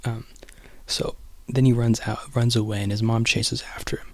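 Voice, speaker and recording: Rambling gravelly-voiced man. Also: mid-range voice, steady tone, moderate pace, dry recording. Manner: rambling, heavy on "you know" and "like". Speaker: vlogger retelling a film. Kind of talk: casual rambling monologue.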